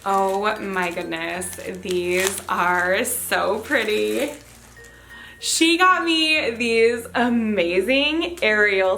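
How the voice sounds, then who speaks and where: A young woman chatting casually to camera as a vlogger, gushing and excitable, gasping as she answers questions and opens mail. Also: medium pitch, very slow, faint music behind. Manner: gushing, excitable, lots of gasps. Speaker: Disney vlogger.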